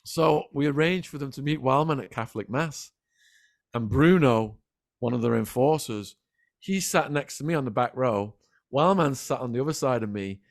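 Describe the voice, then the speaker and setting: A middle-aged man, a podcast guest telling animated stories in a casual interview. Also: mid-range voice, no echo, clean studio sound. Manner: animated, quick anecdotal storytelling. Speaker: podcast guest, former prisoner.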